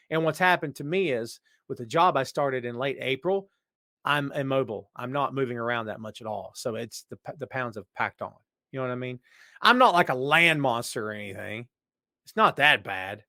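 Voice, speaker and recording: A man hosting a podcast and answering listener questions in casual, rambling chat that jumps to loud excitement. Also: mid-range voice, dry recording, clean studio sound. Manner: animated, jumps to shouting when excited; rambling, frequent restarts.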